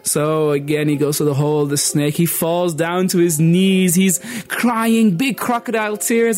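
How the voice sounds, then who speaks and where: A man performing a folk tale as a storyteller, expressive and dramatic, shifting pitch and pace. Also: normal speed, faint music behind.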